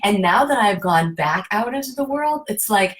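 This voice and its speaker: A woman talking as a guest in a casual conversation, effusive, acting out her own quoted thoughts in lively bursts. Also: medium pitch, normal speed. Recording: roomy echo.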